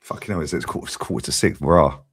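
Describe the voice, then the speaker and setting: A man's voice: a bass voice, animated, very fast, a bit bright, slight background noise. A man co-hosting a live stream, giving opinionated, sweary banter. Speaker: stream co-host. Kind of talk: casual live-stream chat.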